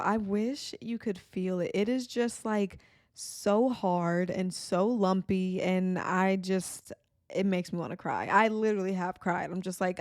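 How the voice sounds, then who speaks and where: A woman's voice: mid-range voice, darkish tone, clean tone, no room sound, studio quality. A young woman in her twenties hosting a podcast in casual chat, with a habit of saying "like" a lot. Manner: chatty, frequent "like" fillers. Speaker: podcast host.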